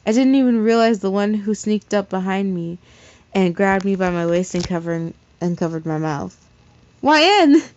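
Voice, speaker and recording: A woman's voice: medium pitch, steady tone, normal speed, mellow, slight background noise. Casual woman reading a fan story. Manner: casual, stumbles and corrects herself. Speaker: story reader. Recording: slightly dull lo-fi recording.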